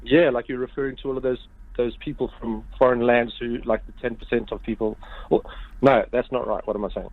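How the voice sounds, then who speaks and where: A man's voice: mid-range voice, fairly even intonation, fairly quick, no echo. A man calling in to a radio show, rambling and losing his thread, heard over a phone line. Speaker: caller. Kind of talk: phone-in call.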